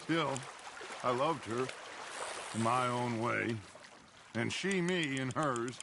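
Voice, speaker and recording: An actor playing a charismatic middle-aged outlaw gang leader who talks in a smooth, reflective, persuasive way. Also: male voice, mid-range voice, takes it slowly, background noise. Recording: game audio over loud lapping water.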